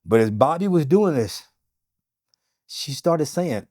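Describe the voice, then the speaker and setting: Male guest, dramatic storyteller, lively and fairly high voice. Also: takes it slowly, long pauses. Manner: animated, repeats phrases, acts out quotes. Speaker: interview guest. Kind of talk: emotional storytelling.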